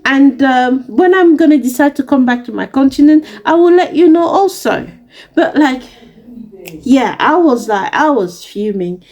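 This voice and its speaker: A woman's voice: high voice, expressive, unhurried, a little mellow. A young woman from Africa telling a story to camera in a passionate, indignant and emphatic way. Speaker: vlogger. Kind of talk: casual storytelling rant to camera.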